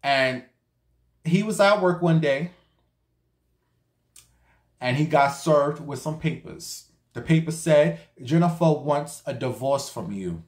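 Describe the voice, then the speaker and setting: A man telling a gossip story in a sassy, profane, slangy way, addressing his viewers directly. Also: a little high. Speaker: storytime vlogger. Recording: echoey room.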